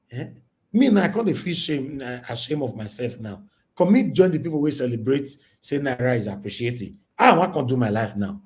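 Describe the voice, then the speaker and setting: A man with a Nigerian accent hosting a casual news reaction stream, animated and mixing Pidgin with English, often asking "Eh?". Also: mid-range voice. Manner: animated, switches between Pidgin and English, exclaims "Eh?". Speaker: news commentary host.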